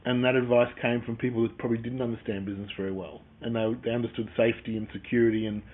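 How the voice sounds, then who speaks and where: A man co-hosts a casual chat, steering it with prompting questions and short summaries. His voice sits at a middle pitch. The recording sounds narrow, as if heard over a phone line. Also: level tone, very fast. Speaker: co-host.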